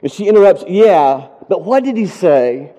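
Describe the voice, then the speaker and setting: A man's voice: high voice, animated, normal speed, warm tone. A man preaching a sermon as a pastor. He tells a story earnestly, then rises into impassioned, pleading prayers. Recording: dull sound with long hall reverb.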